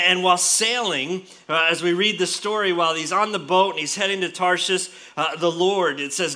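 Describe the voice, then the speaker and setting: A pastor preaching a sermon, retelling a story in an animated way with frequent restarts. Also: male voice, high voice.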